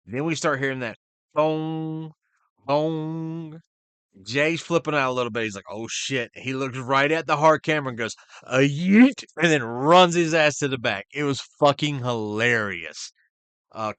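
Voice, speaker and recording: A man hosting a podcast, recapping a wrestling show in casual, profane chat and quickly voicing the people he quotes. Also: medium pitch, clear, resonant tone, dry recording. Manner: profane, excitable, retells scenes in quick voices. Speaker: podcast host.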